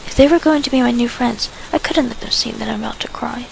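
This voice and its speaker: A woman reading first-person fan fiction narration in a quiet, soft voice. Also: a little high, fast, vocal fry, slight background noise, poor audio.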